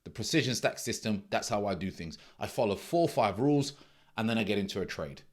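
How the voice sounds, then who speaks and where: A man's voice: fairly low pitch, animated, a little fast. A middle-aged man, a trading mentor giving a blunt, emphatic casual monologue that repeats its key points.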